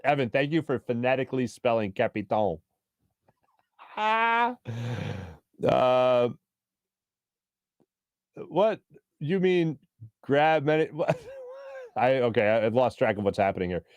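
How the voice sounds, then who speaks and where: A man's voice: medium pitch, big pitch swings, slow, long pauses, clear, resonant tone, no room sound, highs cut off. A man, hosting a sports talk show in a chatty, joking way, reading viewer comments and laughing often. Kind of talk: casual live-stream chat reading viewer comments.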